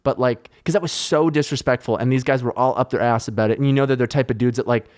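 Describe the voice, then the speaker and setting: Profane, animated male podcast host. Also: medium pitch, fast. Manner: animated, profane, heated retelling of anecdotes. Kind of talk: casual storytelling chat.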